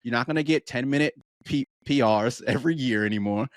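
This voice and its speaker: A man's voice: mid-range voice, fairly quick, dry recording, studio quality. A man in his thirties, a running coach, chatting casually and acting out what his runners say. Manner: animated storytelling, acts out quoted voices. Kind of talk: casual podcast chat.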